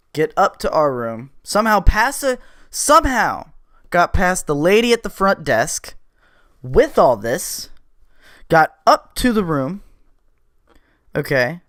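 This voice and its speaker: A male podcast host spins a rowdy anecdote at an unhurried pace, loose and profane, his voice climbing in volume as the tale heats up. The sound is close and dry, with no room around it. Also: fairly high pitch, dry recording. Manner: animated, profane, gets louder as the story builds. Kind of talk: casual storytelling monologue.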